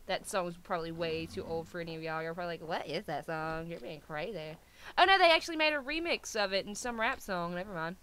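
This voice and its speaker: A woman's voice: lowish voice, expressive, quick pace, hardly any pauses, fairly bright tone, a little hiss or hum. A young woman chatting casually while she plays a game, playful and self-mocking, often scolding her pets. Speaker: gaming video host. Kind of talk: casual chat while playing.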